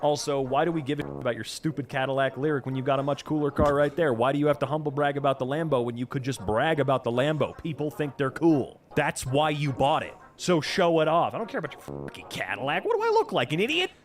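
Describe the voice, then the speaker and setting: A man's voice: mid-range voice, fast talker, few pauses. A man hosting a casual reaction stream, ranting sarcastically with lots of profanity. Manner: animated, profane, sarcastic rants. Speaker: VTuber streamer reacting to posts.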